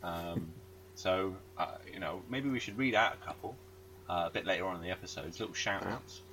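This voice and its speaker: A man's voice: sits low, fairly quick, sharp tone, slight background noise. A man co-hosting a podcast with dry, teasing humor. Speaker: podcast co-host. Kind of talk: casual chat.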